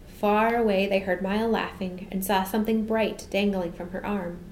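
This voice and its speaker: An expressive woman reads a storybook aloud in a gentle, even voice at a mid pitch. Her reading echoes in a roomy space. A faint hum sits under the recording. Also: normal speed, hardly any pauses. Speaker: narrator.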